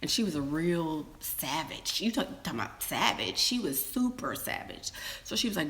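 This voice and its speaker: A woman telling a story casually to her viewers, calling them y'all and girl, jumping into squeaky or whispered voices when she quotes people. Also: moderate pace. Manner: animated, acts out quotes in high squeals and whispers. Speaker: storytime vlogger.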